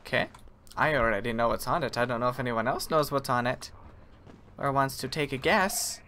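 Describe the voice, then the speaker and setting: This man, a gaming streamer, rambles through a live stream with game music behind him, catching his own mistakes and griping at the game. His mid-range voice is fairly quick, pushed, and bright, with slight background noise. He sounds chatty, self-correcting, and mildly fed up.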